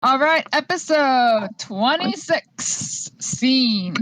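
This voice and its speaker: Woman, casual chat, enthusiastic, high lively voice, slow pace. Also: no echo, poor audio. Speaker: reader in discussion panel.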